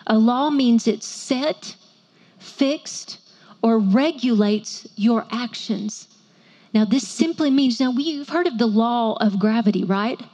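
A women's ministry speaker preaches a sermon to a women's audience, using playful asides and call-and-response. Her voice is mellow and a little high, and she takes it slowly.

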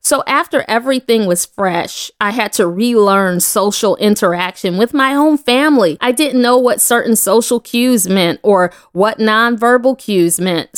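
A woman's voice: mid-range voice, clear, resonant tone, no echo, studio quality. A woman giving an earnest devotional talk, asking her listeners questions as she teaches. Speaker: devotional speaker.

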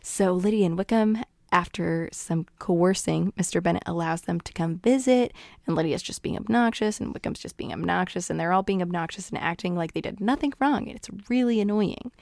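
A woman's voice: on the low side, brisk, gravelly, hardly any pauses, darkish tone, no room sound, clean studio sound. A young woman casually retelling a novel's plot, playfully acting out the characters' lines and laughing often. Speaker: guest summarizing a novel.

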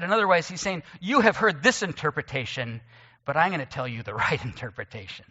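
A man's voice: high-pitched, expressive, brisk, bright, forceful tone, long reverb tail, lo-fi sound. A man preaching a sermon as a pastor, explaining scripture in a conversational way with occasional joking asides. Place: church sanctuary.

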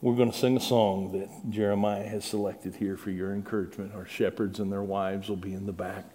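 A middle-aged man preaching a sermon, earnest and pleading, building to loud dramatic peaks when he tells the story. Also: fairly low pitch, little pitch movement, brisk.

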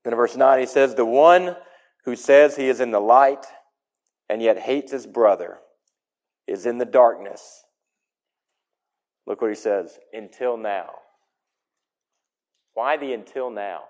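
A man preaching a sermon in an emphatic way, his voice swinging between loud and soft. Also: mid-range voice, unhurried, long pauses.

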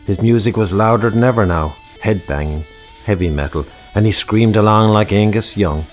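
A man narrating a dark comic story in a wry, measured storybook style. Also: lowish voice, soft background music.

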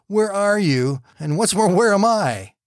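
A man's voice: high-pitched, expressive, a little slow, dry recording, studio quality, pitched above the performer's own voice. A man voicing a desperate shipwrecked preacher. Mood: pleading. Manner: pleading, rising and anguished.

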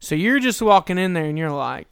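A man's voice: high-pitched, sing-song, brisk, gravelly, a crowd in the background. A man hosting a casual interview, asking follow-up questions and giving short affirmations. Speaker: host.

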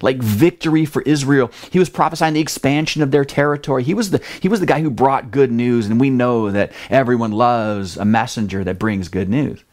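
A man preaching a sermon in a relaxed, chatty tone. He moves quickly from storytelling into acting out scenes, in a mid-range voice. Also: mid-range voice. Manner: lively, conversational, acts out scenes. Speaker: pastor.

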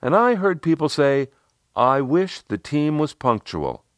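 A man's voice: on the high side, sing-song, unhurried, dry recording, voice pushed up. A man voicing a wry, teasing male teammate. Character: shaggy redheaded joking man.

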